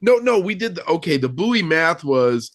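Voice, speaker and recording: A man hosting a podcast, chatting with short, quick interjections. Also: fairly high pitch, big pitch swings, no echo. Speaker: podcast host. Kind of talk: casual podcast commentary.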